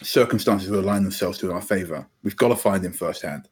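A man's voice: low-pitched, fairly quick, a little mellow, slightly rough. A man, playing a tabletop game in character, brash and joking. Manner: brash, joking, laughs often. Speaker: player.

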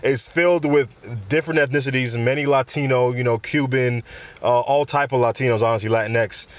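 A man's voice: medium pitch, steady tone, a little fast, no echo. Casual New podcast man, dry sound. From New York. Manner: casual, street-slangy, rambling asides. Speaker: podcast host. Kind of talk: solo podcast commentary. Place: home in South Florida.

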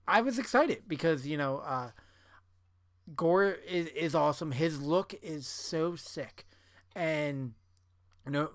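A man's voice: a little high, fairly bright tone, no room sound, clean studio sound. A man co-hosting a podcast in casual chat, talking in a loose, chatty way full of fillers. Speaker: podcast co-host.

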